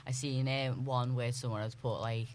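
A man's voice: medium pitch, little pitch movement, normal speed, a little hiss or hum. A young man, chatting casually in a group and talking emphatically with lots of fillers. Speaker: group discussion member. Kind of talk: casual chat.

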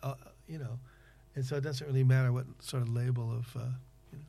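A man interviewing in casual conversation, rambling and halting with many fillers and restarts. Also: mid-range voice, fairly even intonation, mellow.

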